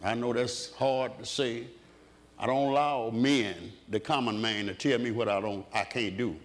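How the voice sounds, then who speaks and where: A man's voice: mid-range voice, steady tone, a little slow. A man preaching a sermon in a rhythmic way, asking the congregation questions and answering them himself.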